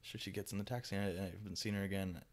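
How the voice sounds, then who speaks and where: A young man hosting a podcast, telling a story in casual chat, animated and swinging between loud bursts and hushed asides. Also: sits low, very fast. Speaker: podcast host.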